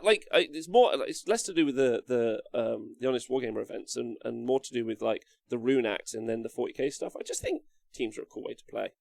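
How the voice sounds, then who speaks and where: A man with a gravelly, fry-edged voice hosts a casual live stream, rambling through chat messages and swearing offhandedly. His voice sits at an ordinary middle pitch. The sound is dry and close. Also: darkish tone, dry recording. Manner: rambling, swears casually, answers viewer comments aloud.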